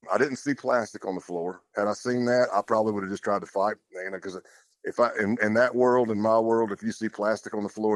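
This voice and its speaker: A man's voice: on the low side, no room sound. A man talking as a podcast guest, telling his story in a plainspoken, loose way with casual fillers. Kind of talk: conversational storytelling.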